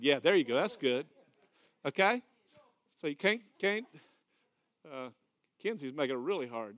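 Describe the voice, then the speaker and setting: A man's fairly bright, high-sitting voice carries a Southern American accent as he preaches. He's a pastor in a church hall giving a folksy, conversational sermon with a live demonstration, directing volunteers and repeating key phrases.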